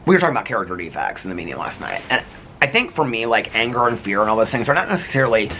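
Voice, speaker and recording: Man, casual vlog monologue, rambling, lively swooping pitch, bright voice. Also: racing, a little hiss or hum. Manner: rambling, full of "like" and restarts. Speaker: vlogger.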